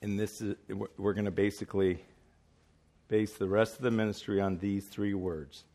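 A male preacher giving a casual, halting sermon that often pauses to apologise or find his place. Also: fairly low pitch, level tone, mellow. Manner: conversational, halting, self-deprecating.

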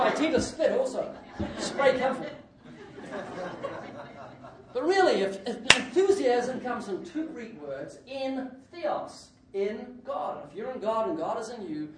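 A man preaching a sermon with lots of jokes and his own laughter, breaking into sudden loud outbursts. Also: very high-pitched. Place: church hall. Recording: echoey hall, distant mic, faint noise.

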